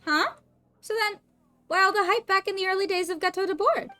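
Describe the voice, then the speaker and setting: A woman voicing a chirpy small female companion sprite, reading her lines high and excitable. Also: brisk. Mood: puzzled.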